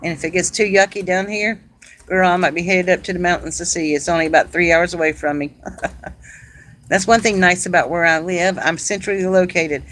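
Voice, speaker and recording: A middle-aged woman from South Carolina with a Southern accent, chatting casually and warmly with viewers on a live craft stream, laughing often. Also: fairly low pitch, a little fast, rough recording. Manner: chatty and homey, laughs often, says "y'all". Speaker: craft channel host.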